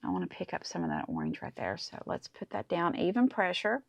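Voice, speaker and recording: A woman's voice: fairly low pitch, wildly swooping pitch, fairly quick, creaky, no room sound. A woman hosting a casual crafting tutorial, chatty and enthusiastic as she talks through each step. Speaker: crafting channel host.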